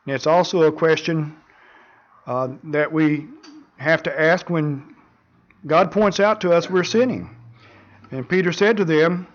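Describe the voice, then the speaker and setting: A man preaching a sermon in an earnest, measured way, often repeating words as he goes. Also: fairly high pitch, muffled recording. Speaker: pastor.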